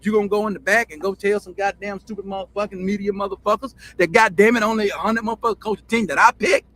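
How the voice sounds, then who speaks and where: A man's voice: high-pitched, fairly even intonation, quick pace, a bit bright. A man acting out a furious, profane middle-aged football coach in a heated, defiant rant. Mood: angry.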